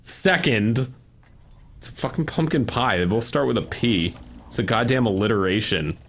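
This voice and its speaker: A man's voice: mid-range voice, moderate pace. Sarcastic young American man, teasing. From United States. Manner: sarcastic, deadpan teasing, swears a lot. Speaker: streamer, channel host. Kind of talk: casual banter.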